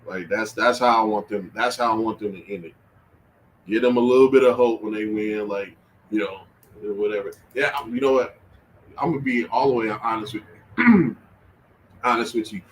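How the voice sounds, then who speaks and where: A man hosting a casual sports-talk livestream, animated and slangy, laughing and trash-talking as he reacts to chat. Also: medium pitch, slight background noise, low-quality recording. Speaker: livestream host.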